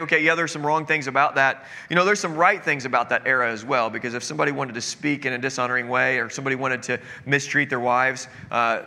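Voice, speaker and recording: A man's voice: medium pitch, pushed and bright. Earnest preacher man in a reverberant hall. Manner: earnest, conversational preaching with asides. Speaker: pastor. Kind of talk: sermon. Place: church sanctuary.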